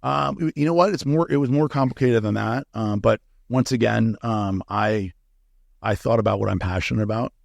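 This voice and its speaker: Gravelly-voiced man telling blunt stories. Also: on the low side, normal speed, no room sound. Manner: candid, profane, acts out quoted dialogue. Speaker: guest, supplement company founder. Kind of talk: casual interview storytelling.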